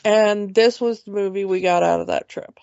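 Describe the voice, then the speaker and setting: A woman's voice: mid-range voice, steady tone, normal speed, creaky, a little mellow, clear, resonant tone, no echo, highs cut off. A woman co-hosting a casual movie podcast, chatty and rambling, with restarts and laughs. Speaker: podcast co-host.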